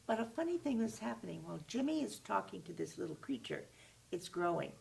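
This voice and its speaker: A woman storyteller telling a tale to children in an animated, expressive way. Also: medium pitch, brisk, gravelly. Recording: voice far from the mic.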